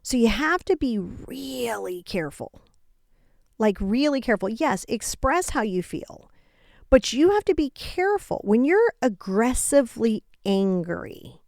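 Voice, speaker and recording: A woman talks through self-help advice in a loose, conversational way and keeps acting out short back-and-forth exchanges. Her voice sits a little high. The recording is dry and close, with no room sound. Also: unhurried, creaky, no room sound. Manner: animated, acts out quoted exchanges, frequent asides. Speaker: podcast host. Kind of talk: casual self-help talk.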